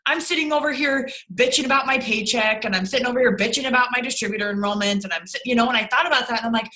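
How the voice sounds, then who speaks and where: A woman's voice: a little high, rapid-fire, bright, forceful tone, low-quality recording. A young woman leading her sales team over a video call, blunt and rambling, with lots of swearing and fillers.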